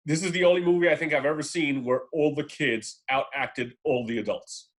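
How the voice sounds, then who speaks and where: This man co-hosts a laid-back podcast about films, and his voice is a little high, steady in tone, and brisk. He offers his views in a meandering way, stumbling over fillers and starting sentences again.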